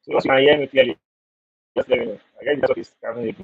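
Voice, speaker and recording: A man hosting an online trading group call from Nigeria, halting and repeatedly checking whether others can hear him. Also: medium pitch, steady tone, husky, no echo. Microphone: video call. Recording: tinny phone-line call audio.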